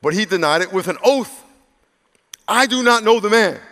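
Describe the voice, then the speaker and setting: A man's voice: high voice, lively intonation, normal speed, a bit bright. A male pastor preaching a conversational, humorous sermon to a live congregation, often acting out the voices of the people in his story. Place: large church hall. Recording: long echo of a big hall.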